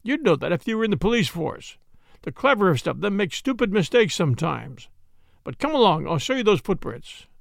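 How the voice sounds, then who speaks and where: A man's voice: high voice, sing-song, vocal fry, no room sound, clean studio sound, exaggerated voice. A man reading as a confident police inspector. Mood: assured. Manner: confident, matter-of-fact, brisk. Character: self-assured male police inspector, middle-aged.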